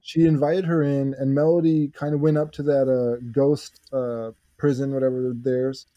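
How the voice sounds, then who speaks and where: A man with a mellow, relaxed voice chats casually, checking details and pausing on fillers. The sound is dry and close, with no room behind it. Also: medium pitch, no echo, lo-fi sound. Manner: questioning, corrects details, hesitant with "uh" fillers. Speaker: podcast co-host. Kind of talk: casual chat.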